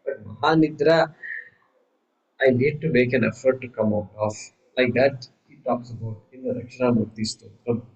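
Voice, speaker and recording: A man teaching a scripture class, lively, asking rhetorical questions and acting out voices. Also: medium pitch, normal speed, lo-fi sound. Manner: animated, acts out quoted voices, rhetorical questions. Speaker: Vedanta teacher. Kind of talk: class lecture.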